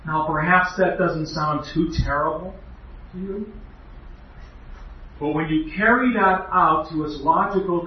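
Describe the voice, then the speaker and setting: A man giving an earnest, emphatic doctrinal lecture as a preacher, with rhetorical questions. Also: on the high side. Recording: echoey hall, distant, muffled.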